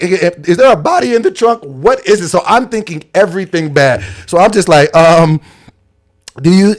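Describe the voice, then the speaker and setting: A young adult man telling a story in casual podcast chat, acting out quotes and laughing often. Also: high voice. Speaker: podcast co-host.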